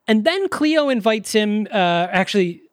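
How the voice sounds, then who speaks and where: A man's voice: sits high, sing-song, measured pace, no room sound, studio quality. A man co-hosting a podcast, reviewing a movie in casual chat and rambling with lots of fillers. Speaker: podcast co-host.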